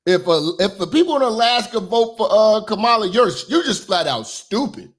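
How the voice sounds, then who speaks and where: A man doing profane reaction commentary in an animated, ranting manner. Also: high-pitched, normal speed. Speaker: commentary streamer.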